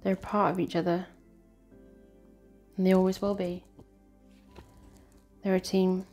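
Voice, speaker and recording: Lowish voiced woman reading tarot, earnest and a bit emotional, repeats herself, faint music under it. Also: flat delivery, unhurried, darkish tone. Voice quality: earnest, emotional, repetitive phrasing. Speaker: tarot reader.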